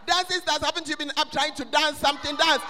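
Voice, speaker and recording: A man preaching a sermon in a church, swelling into loud, sing-song shouting. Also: very high-pitched, steady tone, fast talker, faint music behind. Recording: long reverb of a church hall.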